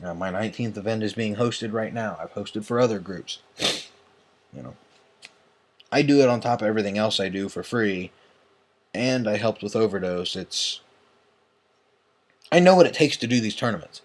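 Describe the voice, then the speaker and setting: Tired, ranting young man, low voice. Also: animated, moderate pace, long pauses. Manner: agitated, profane, tired and yawning. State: tired, late at night. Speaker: online tournament host. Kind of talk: ranting vlog.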